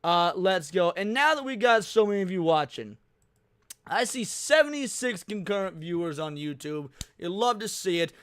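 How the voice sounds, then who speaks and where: A man's voice: sits high, big pitch swings, moderate pace, fairly bright tone, clear, resonant tone, no room sound, clean studio sound. A man hosting a live reaction stream, ranting heatedly with lots of swearing. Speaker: livestream host.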